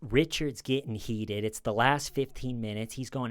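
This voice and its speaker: A man's voice: mid-range voice, normal speed, hardly any pauses, no echo. Male true crime commentator, casual and rambling, resonant voice, dry close mic. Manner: rambling, acts out quoted lines in a raised voice.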